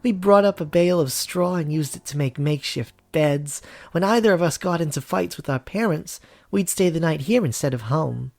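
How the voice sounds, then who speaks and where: A man's voice: a little high, moderate pace, vocal fry, a little mellow. A man voicing an earnest young man, heir to a crime family, recalling childhood in a visual novel reading. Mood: nostalgic. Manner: earnest storytelling.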